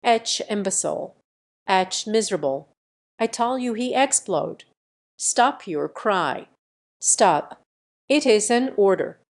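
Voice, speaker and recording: A woman reading the part of an excitable middle-aged father with a German accent who barks commands. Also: medium pitch, slow. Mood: commanding. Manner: barking commands.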